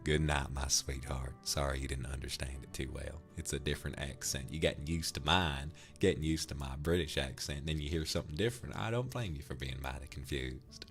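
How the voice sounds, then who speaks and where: A man's voice: very deep voice, a little fast, hardly any pauses, fairly bright tone, faint music behind. A man putting on a drawling Texan cowboy. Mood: flirtatious. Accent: put-on Texan. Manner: drawling, sweet-talking, calls everyone darling. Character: flirtatious smooth-talking Texan cowboy man. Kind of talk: character voice on a livestream.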